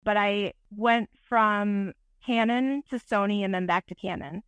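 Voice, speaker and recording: A woman photographer, a podcast guest, telling an animated, self-deprecating story in casual interview talk. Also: mid-range voice, measured pace, clean tone, dry recording.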